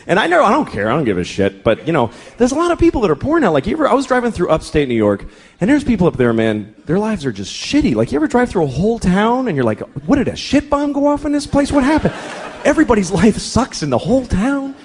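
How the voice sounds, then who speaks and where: A middle-aged man doing stand-up comedy, profane and exasperated, jumping into quick acted-out characters. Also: sits high, wildly swooping pitch, slightly rough. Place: comedy club stage. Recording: live club set with audience laughter and noise. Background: audience laughter and room noise.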